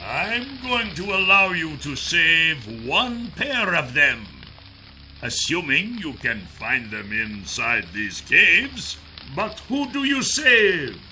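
Man voicing a slow, sneering villain. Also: on the high side, very animated, bright, forceful tone, slight background noise, pitched above the performer's own voice, heavily acted. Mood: mocking. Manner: slow, drawn-out, taunting delivery. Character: sneering, cold male villain who toys with captives. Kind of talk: audiobook character voice.

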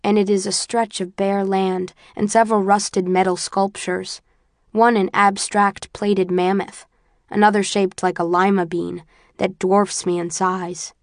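A woman reading a first-person story aloud in a measured, often quiet and subdued way. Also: medium pitch, little pitch movement, no room sound, studio quality. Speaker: audiobook narrator. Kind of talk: first-person audiobook narration.

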